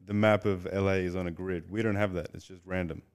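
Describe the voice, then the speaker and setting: A man's voice: sits low, fairly even intonation, quick pace, clean tone. A man, a podcast guest, giving short, laid-back replies in casual chat. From Australia.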